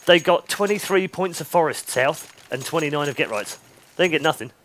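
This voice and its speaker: A man calling a live esports match, his voice sitting on the higher side and bouncing all over the place as he talks. He drops play-by-play between teasing jokes with his co-caster. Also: animated, brisk, a bit bright. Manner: joking, teasing banter. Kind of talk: live game commentary.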